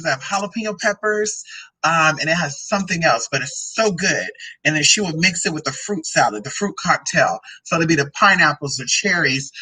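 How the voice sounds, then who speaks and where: A woman's voice: deep voice, bright, forceful tone, breathy edge, poor audio. A transgender woman vlogging casually about drinks and food, sassy and profane, rambling from one tangent to the next. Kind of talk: casual product-review vlog.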